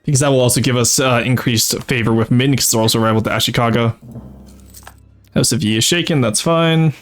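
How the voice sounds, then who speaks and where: A man's voice: mid-range voice, brisk, soft background music. A man streaming a strategy game, casually thinking aloud and explaining his tactics with frequent "uh"s and self-corrections. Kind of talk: casual live-stream commentary.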